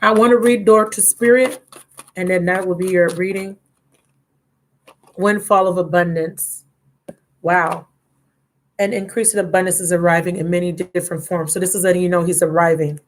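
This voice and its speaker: A woman's voice: lowish voice, fairly even intonation, moderate pace, pauses often, a little hiss or hum. Chatty woman giving a tarot reading. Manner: chatty, affectionate, reads card texts aloud. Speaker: tarot reader. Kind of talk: live tarot reading and chat.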